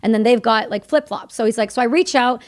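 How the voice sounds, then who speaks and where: A woman from Canada speaks as a guest on a podcast, her voice sitting a little high for a woman. She tells her story candidly and earnestly, in quick runs that slip into remembered bits of dialogue. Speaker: podcast guest, combat veteran.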